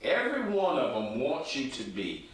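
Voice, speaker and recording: An encouraging man hosts a relaxed chat and drives his points home with emphasis. He sits back from the microphone, and a strong room echo hangs on every word. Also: mid-range voice, moderate pace. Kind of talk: casual podcast chat. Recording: echoey, distant from the mic.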